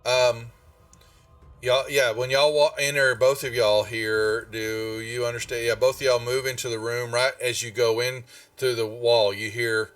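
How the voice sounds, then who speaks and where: A man's voice: medium pitch, fairly even intonation, fairly bright tone, no echo, recorded from a distance, soft background music. Man running a tabletop game. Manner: halting, with many restarts. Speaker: game master. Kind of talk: narrating a tabletop game on a live stream.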